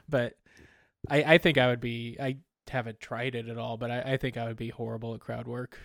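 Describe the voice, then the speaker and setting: A man co-hosting a casual podcast chat, talking in a halting, hesitant way and making fun of himself. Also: mid-range voice, fairly even intonation, creaky, fairly bright tone, dry recording, studio quality. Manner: hesitant, halting, self-deprecating. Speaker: podcast co-host.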